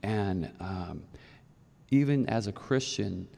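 Male pastor, low gravelly voice, rambling storytelling sermon, church hall with long reverb. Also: expressive, takes it slowly, dark tone. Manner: storytelling, rambling with many restarts. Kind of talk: conversational sermon. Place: church sanctuary.

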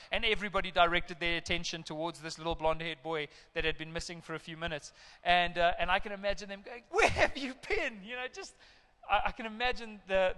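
Animated high-voiced preacher in a reverberant hall. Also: male voice, clear, resonant tone. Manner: animated storytelling with acted parental outbursts. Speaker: pastor. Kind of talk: sermon.

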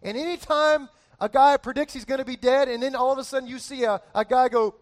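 A man preaching a sermon as pastor, animated and joking, building emphasis through lists. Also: very high voice, fairly quick. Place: church.

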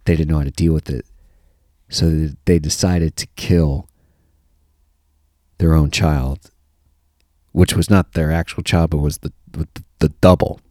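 A man hosting a podcast, telling a funny story with lots of laughter and mock-deadpan asides. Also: extremely low pitch, no room sound, studio quality. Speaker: podcast host. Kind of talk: comic storytelling.

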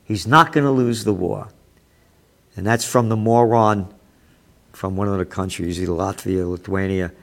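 A man's voice: fairly low pitch, fairly even intonation, moderate pace, creaky, pauses often. Sarcastic man ranting over headlines. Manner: sarcastic, profane, grows heated and loud. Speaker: host. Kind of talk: reading and ranting about news headlines.

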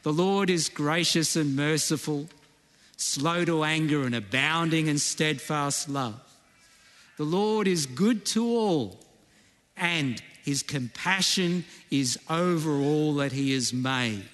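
Conversational preacher in a reverberant hall. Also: male voice, a little high, expressive, slow, a bit bright. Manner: conversational, repeats key phrases, often adds "right?". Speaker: pastor. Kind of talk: sermon.

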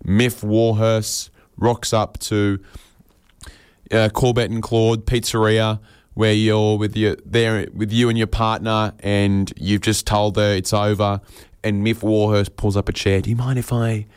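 Aussie guy rambling through a silly bit, lowish voice, dry close sound. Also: little pitch movement, takes it slowly, clear, resonant tone, no echo. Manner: rambling, escalating, playful. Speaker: comedian. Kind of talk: absurdist comedic riff.

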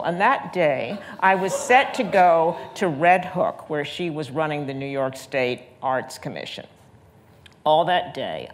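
Animated, low-voiced woman storyteller. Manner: expressive storyteller, acts out quotes, laughs. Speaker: magazine writer. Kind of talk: animated anecdote in panel conversation.

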